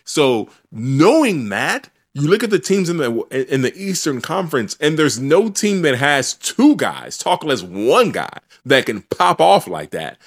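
A man's voice: a little high, sing-song, a little slow, few pauses. A man hosting a sports podcast, arguing his picks in an opinionated, teasing way. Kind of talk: casual sports debate.

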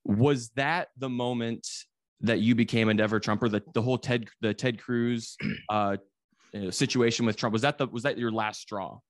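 A man's voice: mid-range voice, steady tone, moderate pace. A man co-hosting a casual podcast, talking loosely, swearing and laughing easily. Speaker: podcast co-host. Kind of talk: casual chat and interviewing.

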